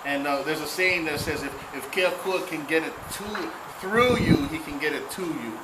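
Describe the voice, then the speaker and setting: A man's voice: a little high, lively intonation, normal speed. A man giving a playful cultural talk, drawing the audience into call-and-response. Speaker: cultural speaker. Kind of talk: interactive public talk. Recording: echoey room, noisy ambience.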